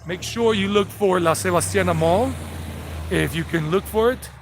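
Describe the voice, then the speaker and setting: A man with a Southern US accent gives a chatty, rambling walking tour outdoors on residential streets. His voice sits a little high and carries a gravelly fry, with faint street noise behind him. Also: normal speed. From South Carolina and Georgia, USA. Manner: rambling, chatty, greets viewers by name. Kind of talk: live-streamed walking tour narration.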